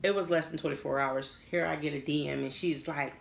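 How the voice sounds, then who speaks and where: A young woman with a lowish, gravelly voice spills a personal story to her viewers in a loose, unfiltered storytime. She talks animatedly and curses freely, slipping into the voices of the people in her tale. The sound carries the echo of a roomy space. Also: steady tone, fairly quick. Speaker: vlogger telling a personal story. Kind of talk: casual storytime.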